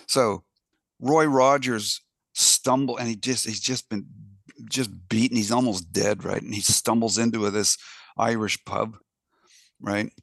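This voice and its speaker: A middle-aged man co-hosting a podcast, telling jokes in an animated storytelling way and laughing at his own punchlines. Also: on the low side, measured pace, vocal fry, no echo, studio quality. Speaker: podcast co-host. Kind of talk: casual joke-telling chat.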